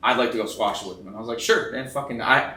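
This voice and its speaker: A man's voice: mid-range voice, quick pace, sharp tone, distant mic. A young man telling a long story in casual chat, rambling and swearing a lot, acting out what people said. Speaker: tattoo artist guest. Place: tattoo convention. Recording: roomy sound, a bit off-mic.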